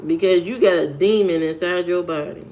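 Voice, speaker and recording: Low-ish and dark in tone, this woman's voice keeps a moderate pace. She's a vlogger preaching bluntly to the camera in a monologue peppered with rhetorical questions.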